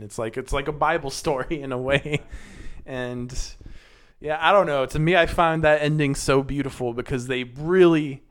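Man, podcast co-host, lively casual talk, acts out quotes, slightly higher voice. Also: normal speed, clear, resonant tone. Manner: animated, joking, quotes characters. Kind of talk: casual film discussion.

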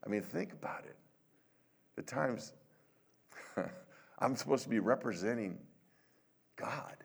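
Older guy pastor, low gravelly voice, chatty sermon, jumps all over in pitch doing the voices. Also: animated, slow. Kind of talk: conversational sermon.

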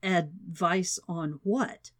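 A man's voice: high voice, steady tone, extremely slow, a bit bright, exaggerated voice. A woman reading an audiobook, voicing a suspicious, prim male chief of staff who talks in a guarded, clipped way. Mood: wary.

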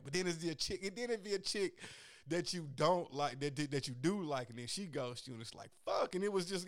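A man talking casually and candidly about dating, animated and profane, getting loud and high when worked up. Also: quick pace. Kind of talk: casual chat.

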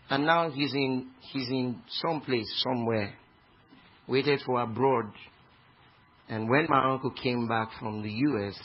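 A Nigerian man preaching a sermon with passion, swinging from hushed tones to shouts. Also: medium pitch. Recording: dull lo-fi recording with faint noise.

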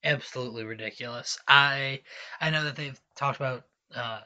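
A man co-hosting a wrestling podcast, agreeing and adding comments with halting restarts. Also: mid-range voice, steady tone, pushed and bright. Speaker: podcast co-host. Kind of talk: casual wrestling chat.

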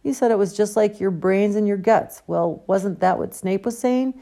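An earnest, clever teenage girl reasons her case step by step, voiced by a woman reading a storybook. The voice lifts a little above the narration but keeps a dark, gravelly texture. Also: mid-range voice, normal speed, pitched above the performer's own voice, close to an everyday voice. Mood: reasoning.

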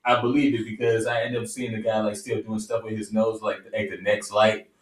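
A man's voice: on the low side, flat delivery, fairly quick, distant mic. A man co-hosting a podcast in casual chat, who keeps giggling through his lines. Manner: giggly, apologetic laughter. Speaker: podcast co-host. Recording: roomy, off-mic.

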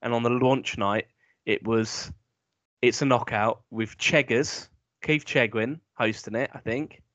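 A man's voice: mid-range voice, steady tone, unhurried, a bit bright, dry recording. A man from the UK co-hosting a podcast, rambling and hesitant with plenty of ums and restarts. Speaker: podcast co-host. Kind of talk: casual podcast chat. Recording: dry, slightly dull lo-fi audio.

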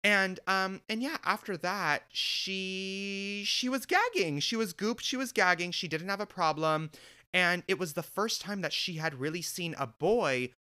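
A man's voice: high voice, expressive, unhurried, sharp tone, smooth. A young man casually telling a story to camera, sassy and profane, mimicking other people's voices as he goes.

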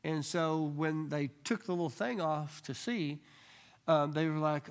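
Gravelly guy teaching bible study, tells stories, does the voices, kinda high. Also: unhurried, slight background noise. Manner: animated storyteller, acts out quoted voices. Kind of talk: casual church teaching with storytelling. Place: room with a live group.

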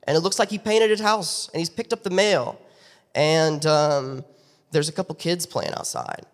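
A man's voice: fairly high pitch, moderate pace. Male youth pastor telling a story. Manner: animated retelling with character voices. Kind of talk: sermon storytelling. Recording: long reverb of a church hall.

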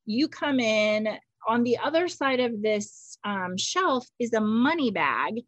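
A woman's voice: on the high side, animated, slow, fairly bright tone. A woman hosting a podcast, chatting casually and retelling scenes with quoted voices. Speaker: podcast host. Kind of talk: casual conversational chat.

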